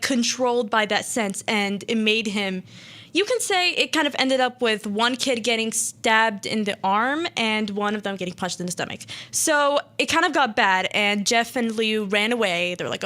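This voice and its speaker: A woman's voice: a little high, a bit bright. A young woman hosting a radio show, casually retelling a horror story in a rambling way with many fillers and acted-out quotes.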